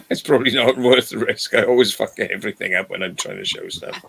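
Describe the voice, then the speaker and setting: A man's voice: on the low side, fairly quick, creaky, a bit bright, a little hiss or hum. A man in casual chat, telling rambling stories and swearing freely.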